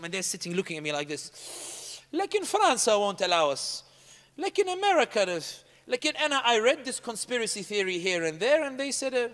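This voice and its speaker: A man telling a story to a room in a fast, emphatic way, slipping Arabic phrases into his speech. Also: sits high, big pitch swings, fairly bright tone, big-room sound. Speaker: public speaker. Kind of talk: animated storytelling talk.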